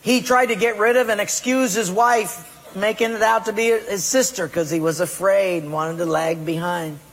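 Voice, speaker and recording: Husky high-voiced pastor preaching, asks the crowd questions, big echoey hall. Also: male voice, fairly even intonation, normal speed. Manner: asks the congregation direct questions. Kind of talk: sermon. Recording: long hall reverb.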